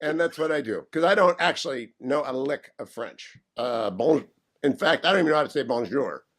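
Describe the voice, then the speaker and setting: A man's voice: mid-range voice, expressive, fairly quick, a bit bright. A man hosting a radio talk show from a hotel room, goofy and rambling with jet lag.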